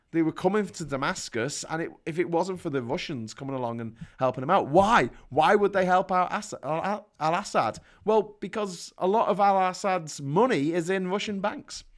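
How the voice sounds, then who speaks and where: A man hosting a casual show, chatting in an animated way, telling anecdotes and reading out viewer comments with mocking asides. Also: fairly high pitch. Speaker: host.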